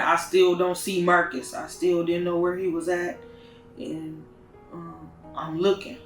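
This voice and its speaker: A woman recounting a loss as a mother in a documentary interview, talking in a halting, soft-spoken way. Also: fairly low pitch. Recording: roomy sound from a distant mic with faint music.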